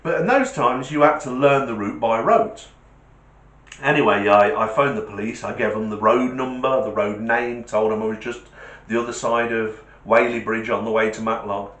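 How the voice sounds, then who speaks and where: A middle-aged man telling a comic anecdote in an animated, self-mocking way. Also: mid-range voice, moderate pace. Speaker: storyteller, test driver. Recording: roomy echo.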